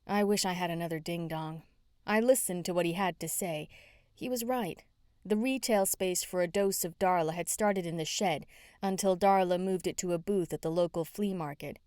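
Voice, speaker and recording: A woman's voice: on the low side, a little mellow, dry recording, studio quality. Wry woman narrating an audiobook. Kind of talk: scripted first-person narration.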